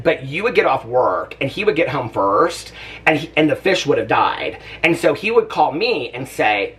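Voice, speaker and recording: A man in his thirties tells a personal story to his vlog audience in a casual, chatty way. His pitch swings a lot as he talks, and he laughs often and sometimes sounds close to tears. He sits a little away from the mic. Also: a bit bright, far from the mic. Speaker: vlogger.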